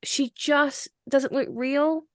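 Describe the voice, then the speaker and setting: A woman hosting a podcast in casual discussion, animated and opinionated, with frequent "like" fillers. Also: high-pitched, slow pace, no room sound, studio quality. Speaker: podcast host.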